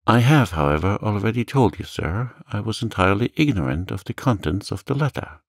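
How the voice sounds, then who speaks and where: A man's voice: fairly low pitch, animated, a little fast, no room sound, clean studio sound, voice pushed up. A man doing a raised, earnest young sailor. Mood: earnest, anxious. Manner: pleading, earnest. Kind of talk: calm audiobook reading.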